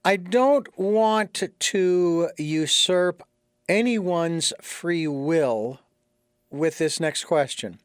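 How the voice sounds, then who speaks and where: High, smooth-voiced male host. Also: no echo, clean studio sound. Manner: careful, deliberate questioning. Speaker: podcast host. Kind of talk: interview.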